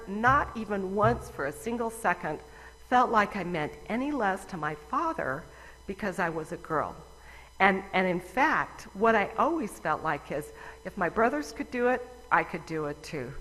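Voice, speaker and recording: A woman's voice: on the low side, fairly bright tone. Wry woman speaker in a reverberant hall. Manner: conversational and wry, with fillers. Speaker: conference speaker. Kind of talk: personal talk to an audience. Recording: long reverb of a large hall.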